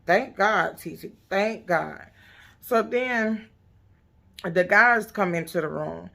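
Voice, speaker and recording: A woman's voice: mid-range voice, takes it slowly, vocal fry, bright, forceful tone. A woman casually recapping a reality TV episode, blunt, profane and sassy.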